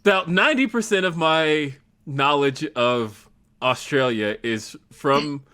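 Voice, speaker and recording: A man's voice: on the high side, takes it slowly. A man hosting a podcast, telling stories in a casual chat with lots of animation and laughter. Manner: animated storytelling with frequent laughter. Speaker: podcast host.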